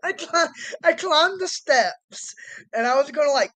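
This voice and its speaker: A woman hosting a casual, profane interview, telling loud stories with bursts of laughter and acting out what other people said. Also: high voice, animated, a little slow, poor audio. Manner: loud, laughing storyteller who acts out others' lines. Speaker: host.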